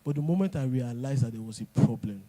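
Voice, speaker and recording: A man's voice: mid-range voice, lively intonation, quick pace, dark tone. A man giving a motivational talk at an event, emphatic and repeating his points. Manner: emphatic, repeats lines, pidgin asides. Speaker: speaker.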